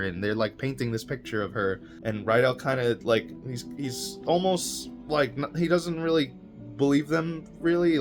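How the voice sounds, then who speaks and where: An eager man talks through a book in a loose, rambling way, tripping over restarts and fillers as he goes. His voice sits at an ordinary middle pitch. A plucked guitar plays clearly underneath him. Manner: enthusiastic. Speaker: book reviewer. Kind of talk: casual spoken book review.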